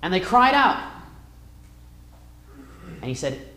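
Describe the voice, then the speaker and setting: A man teaching a Bible class, reading verses aloud and retelling the story with wide swings in loudness. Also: fairly high pitch, expressive, normal speed, a little hiss or hum. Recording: echoey room.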